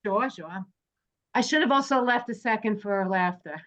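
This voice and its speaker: A woman hosts a casual movie club chat, reading from prepared notes and joking with friends in a chatty way. Her mid-range voice is expressive and fairly bright, at normal speed, and the recording has a dull lo-fi sound.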